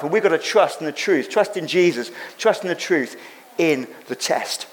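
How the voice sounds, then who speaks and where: A man's voice: a little high, lively intonation, normal speed. A man preaching a sermon as pastor, speaking emphatically, repeating phrases for effect and acting out quoted lines.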